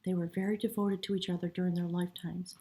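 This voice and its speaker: A woman giving a spiritual tarot reading in a soft, reverent way, sometimes dropping to a hush and getting choked up. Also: on the low side, flat delivery, fast talker. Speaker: tarot reader.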